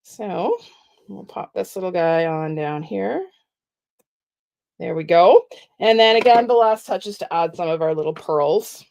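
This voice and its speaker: A middle-aged woman giving a chatty, step-by-step live craft tutorial with soft asides. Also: on the low side, measured pace, vocal fry, long pauses. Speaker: card-making demonstrator.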